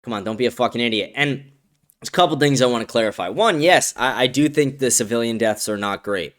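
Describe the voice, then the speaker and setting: A man's voice: mid-range voice, animated, fast, a bit bright. A man hosting a live stream, talking in a blunt, profane, combative way as he reacts to viewer messages. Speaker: host. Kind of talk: casual live-stream commentary.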